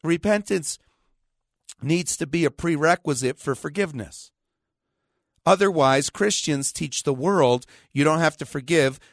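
Combative preaching man, higher voice. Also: no echo, clean studio sound. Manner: quotes scripture rapidly, emphatic repetition. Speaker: pastor and radio talk show host. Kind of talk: radio talk show monologue.

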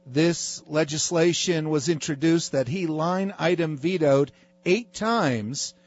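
A man's voice: a little high, slow, no room sound, lo-fi sound. Emphatic male talk radio host. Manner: emphatic, preachy.

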